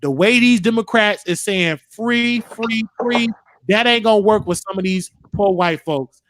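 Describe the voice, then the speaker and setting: A man's voice: high-pitched, unhurried, a bit bright, dry recording, studio quality. A man hosting his own show, chatting casually and rambling bluntly between topics, cussing freely. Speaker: show host. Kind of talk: casual livestream chat.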